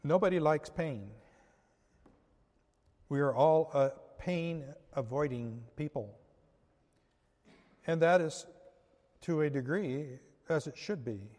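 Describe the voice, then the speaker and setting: A man preaching a sermon, speaking in a slow, measured way and then praying. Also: on the high side, a little mellow. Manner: slow, measured delivery, closing in prayer. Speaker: pastor. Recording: long hall reverb.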